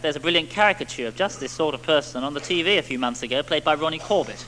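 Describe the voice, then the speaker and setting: A man preaching a sermon to a congregation, animated, with rhetorical tag questions and little acted-out quotes. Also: on the high side, racing, hardly any pauses, poor audio.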